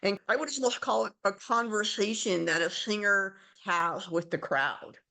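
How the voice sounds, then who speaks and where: A woman's voice: mid-range voice, moderate pace, vocal fry, pushed and bright. A woman hosting a podcast, who sets up her questions conversationally with a premise before asking. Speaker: podcast host. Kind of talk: interview questions.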